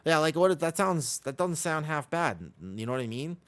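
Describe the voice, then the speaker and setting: A man's voice: a little high, sing-song, moderate pace. An American man from Los Angeles, chatting casually on a live game stream, reading out and answering viewer questions. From Los Angeles, USA.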